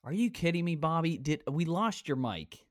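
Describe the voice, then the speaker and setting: A man's voice: on the high side, lively intonation, moderate pace, dry recording, studio quality. A man in his twenties hosting a podcast from home on a headset, chatting casually, brash and teasing, swearing freely. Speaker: podcast host. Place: home, recording virtually.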